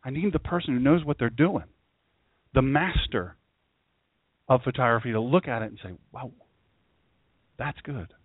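A man's voice: medium pitch, lively intonation, moderate pace, pauses often, husky, dry recording. A man from Southern Delaware preaching a sermon in a folksy way, often repeating phrases and calling his listeners folks. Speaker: pastor. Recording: tinny phone-like audio.

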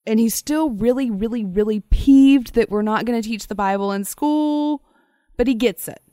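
A woman's voice: fairly high pitch, normal speed, mellow, no room sound, studio quality. A woman co-hosting a podcast, recounting a story in casual, conversational chat. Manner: conversational, laughing asides. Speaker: podcast co-host.

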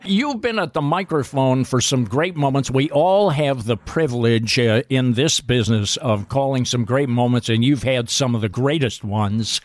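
A man hosting an interview, asking measured questions with formal introductions. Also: medium pitch, no echo. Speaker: interview host. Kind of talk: radio interview.

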